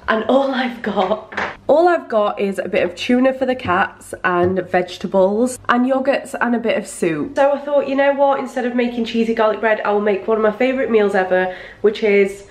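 A young woman vlogging casually, chatting on in a rambling, giggly way. Her voice sits at an ordinary middle pitch. The sound has the ring of a small echoey room. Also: normal speed. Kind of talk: casual vlog chat to camera.

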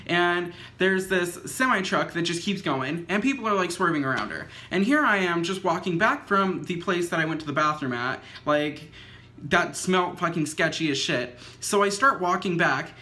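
A young man telling a storytime vlog in a casual, rambling way, filling every pause with "like" and swearing freely. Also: fairly high pitch, pushed and bright. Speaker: vlogger. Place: indoors at home, dim lighting.

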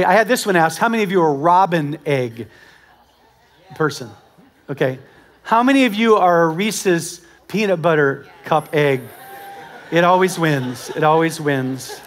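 A male pastor preaching a sermon in a conversational, animated storytelling manner, talking directly to his congregation. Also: fairly high pitch. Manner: animated storytelling with acted-out quotes. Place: church service with a congregation.

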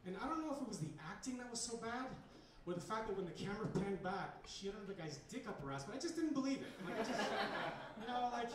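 A man's voice: sits high, lively intonation, fast talker, noisy background. A man performing a stand-up comedy set at a bar's comedy night, talking in a rambling, hesitant way with lots of fillers. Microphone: handheld recorder in the audience. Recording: echoey bar room from far off.

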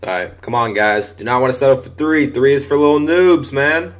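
A young man talks through a football video game as he plays it, in a mid-range voice. He swears freely and jumps into shouts at fumbles and touchdowns. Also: mid-range voice, fairly quick. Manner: excitable, swears often, shouts at big plays. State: voice briefly giving out. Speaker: gaming commentator. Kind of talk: live gameplay commentary.

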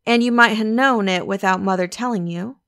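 A woman's voice: medium pitch, fairly quick, fairly bright tone, smooth, lightly acted. A woman plays a keen young country gardener, earnest and obliging, full of plain rustic talk. He is heard in an audiobook reading.

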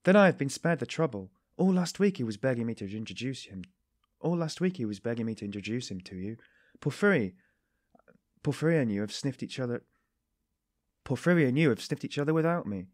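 A man narrating an audiobook, voicing a hot-tempered young man who shouts in exasperated outbursts. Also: mid-range voice, expressive, brisk, no echo, studio quality, close to an everyday voice. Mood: boisterous.

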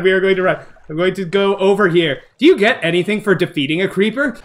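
A young man streaming a game live to his chat, excitable and jumpy, repeating himself in bursts when scared. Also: high voice, fast talker, hardly any pauses. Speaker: gaming streamer. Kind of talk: live gameplay commentary.

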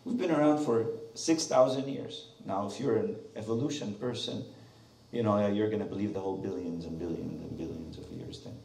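A male pastor preaching a sermon, animated and questioning the congregation. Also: lowish voice, a little fast, gravelly, reverberant, recorded from a distance. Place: church sanctuary.

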